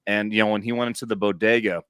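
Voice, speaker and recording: A man co-hosting a veterans' podcast, chatting casually with frequent swearing and rambling, animated stories. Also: lowish voice, fast, smooth, no echo, clean studio sound. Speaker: podcast co-host, military veteran. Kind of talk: casual profane chat. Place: central Missouri.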